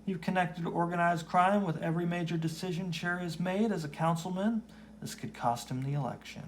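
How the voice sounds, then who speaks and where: A man voicing a gruff, cautious middle-aged newspaper editor warning a reporter, in a comic reading. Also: sits high, fairly quick, a little hiss or hum, voice pushed up. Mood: stern. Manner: gruff, blunt.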